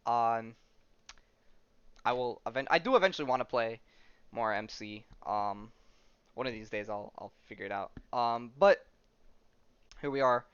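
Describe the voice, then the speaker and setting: A man's voice: medium pitch, measured pace, pauses often, a bit bright, clean tone, no echo, lo-fi sound. A man hosting a podcast and streaming, giving casual commentary while he plays a video game. He rambles, full of "um" and slangy asides.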